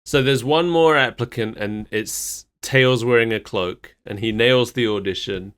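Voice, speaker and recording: A man's voice: medium pitch, unhurried, a bit bright, clean tone. A man co-hosting a podcast, recapping a cartoon episode in casual chat and laughing often. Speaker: podcast co-host.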